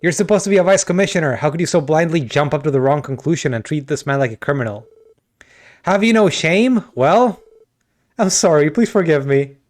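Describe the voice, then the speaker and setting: A blustering middle-aged police official, voiced by a man, bursts with shrill indignation, his voice pushed high and loud. He is a jealous husband who accuses and shouts in a video game scene. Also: lively intonation, moderate pace. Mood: sheepish.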